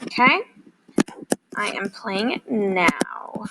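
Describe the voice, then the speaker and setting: Calm woman teacher, slow speech. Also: medium pitch, heavy background noise. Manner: calm, encouraging, explains step by step. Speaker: elementary Spanish teacher. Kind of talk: recorded classroom lesson.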